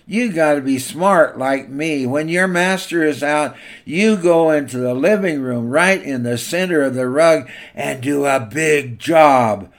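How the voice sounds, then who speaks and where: A man's voice: a little high, measured pace. A man voicing a cocky male bulldog who mocks and boasts, in a storytelling sermon. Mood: scheming. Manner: mocking, boastful.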